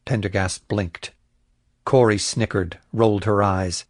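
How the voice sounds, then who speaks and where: A man narrating a crime thriller audiobook in a measured, even storytelling voice. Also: lowish voice, dry recording, clean studio sound. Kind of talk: scripted narration.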